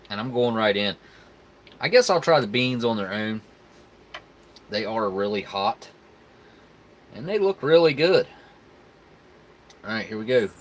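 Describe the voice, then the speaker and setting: A man, hosting a casual live stream where he tastes food and chats with viewers in a laid-back, rambling way. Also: lowish voice. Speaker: live stream host reviewing military rations.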